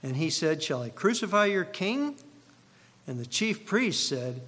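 A man's voice: a little high, sing-song, a little slow, a bit bright. Emphatic preacher man in a reverberant hall. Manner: emphatic, repeats key phrases for effect. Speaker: pastor. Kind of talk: expository sermon.

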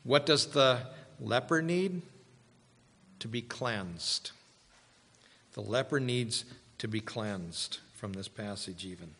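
A man preaching a sermon as a pastor, slow and deliberate, with dramatic pauses and rising emphasis. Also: fairly low pitch, animated, fairly bright tone, husky. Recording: long hall reverb.

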